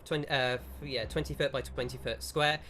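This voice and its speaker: A man running a tabletop game as game master, describing scenes in an unhurried way and giving players instructions. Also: a little high, fairly even intonation, a bit bright, slight background noise.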